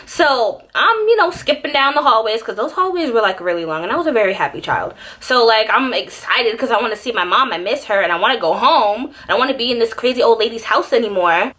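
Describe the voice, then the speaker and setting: A young woman telling a childhood story in a casual vlog, animated and dramatic, with many fillers. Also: fairly high pitch, fairly quick, few pauses. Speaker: beauty YouTuber.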